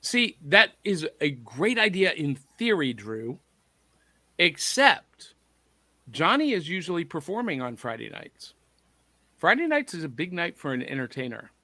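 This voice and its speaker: A man's voice: on the high side, big pitch swings, unhurried, pushed and bright, no echo. A man hosting a podcast, reading out viewer comments in a playful, jokey, casual chat. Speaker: podcast host.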